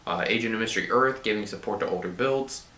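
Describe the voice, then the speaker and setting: A man hosting his own channel, giving casual card-game commentary in a monotone way while his throat is sore. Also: fairly low pitch, fast talker. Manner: monotone delivery. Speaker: YouTube channel host. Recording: roomy, echoey room.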